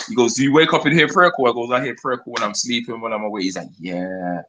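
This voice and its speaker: This grime MC guest, an Englishman with a London accent, has a mid-range, fairly bright voice, with slight noise in the background. In a casual interview he tells slangy, quick stories, quoting conversations as he retells them.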